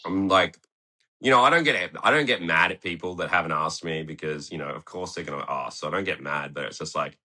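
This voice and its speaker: Low-pitched, bright and forceful, this young man's voice moves fairly quickly. He's a skateboarder on a podcast, swearing freely as he tells rambling stories in the studio and plays out other people's lines.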